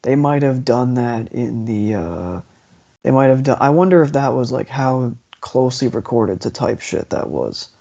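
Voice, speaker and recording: A man chatting casually on a podcast about music, rambling and restarting his sentences as he gets excited. His voice has a warm, mellow tone. The audio is dull and lo-fi. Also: medium pitch, moderate pace, creaky. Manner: rambling, restarts often, enthusiastic. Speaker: podcast host.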